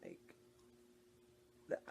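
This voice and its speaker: A woman's voice: extremely slow, warm tone, slight background noise. A woman from the United States hosting a podcast about knitting, chatting in an easygoing way. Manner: chatty and easygoing, with frequent fillers. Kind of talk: casual podcast chat.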